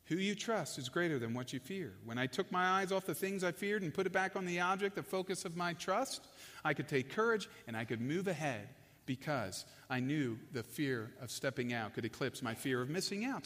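A man preaching a sermon with passion, building in loudness and then dropping to a hush. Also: sits high. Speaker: pastor. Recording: long echo of a large hall.

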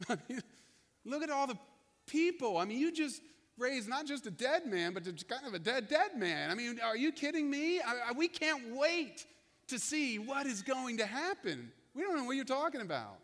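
A male pastor preaching a sermon, telling the story with lively energy and acting out the people he quotes. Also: very high voice, moderate pace, in a large hall. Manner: animated storytelling, acts out quotes.

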